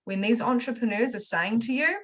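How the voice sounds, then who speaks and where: A woman teaching a spiritual money masterclass. She talks casually and swears, leaping from loud excitement to quiet, confessional asides. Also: fairly high pitch, brisk, rough recording. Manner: casual swearing, chatty direct address. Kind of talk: motivational masterclass talk.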